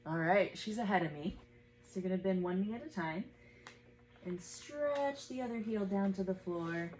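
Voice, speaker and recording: A woman in her thirties teaching a gentle yoga class at home, guiding breaths patiently and encouragingly. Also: mid-range voice, normal speed, slight background noise.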